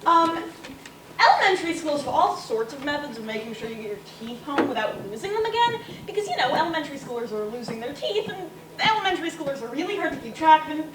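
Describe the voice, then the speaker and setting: A teenage girl starts her story at a school story slam, her high voice bouncing up and down as she chats with a few hesitant pauses. She sounds far from the mic in an echoing room. A clear noise runs under her voice. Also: very animated. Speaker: student storyteller. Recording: roomy, distant, noisy.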